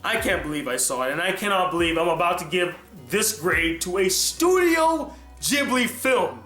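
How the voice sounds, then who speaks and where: A man giving an animated, exasperated film review rant, swearing often. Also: high-pitched, moderate pace, hardly any pauses, reverberant, faint music behind. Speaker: film critic.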